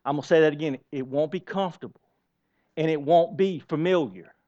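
A man in his forties delivers a sermon in a high voice and talks with his congregation rather than at them. He drops to hushed asides, then pushes back up to loud emphasis. The recording is a little dull and lo-fi. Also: fairly quick. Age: 40s. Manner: conversational preaching, questions the congregation. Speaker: pastor.

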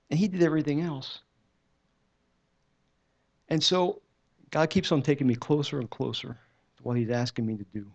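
This man's voice sits a little high and moves at a normal speed as he gives a church testimony, rambling conversationally and starting over many times. Sound quality is muffled and flat.

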